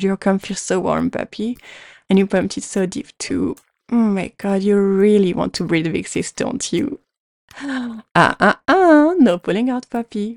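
A young woman performing an adult audio role-play in a dominant, teasing voice with breathy murmurs, close to the mic. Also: medium pitch, warm tone, no room sound.

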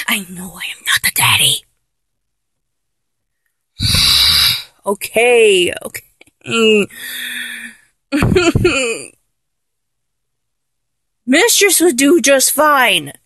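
A woman's voice: high-pitched, a bit bright, dry recording, heavily acted. A woman playing a flustered young lover who keeps trying and failing to act dominant, in a comedic audio role-play, talking in an exasperated, self-correcting way.

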